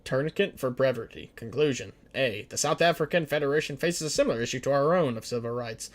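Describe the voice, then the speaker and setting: A man's voice: medium pitch, fast talker. A man streaming a strategy game in a casual way, reading the game's text aloud, stumbling over words and joking in between. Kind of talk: strategy game livestream commentary.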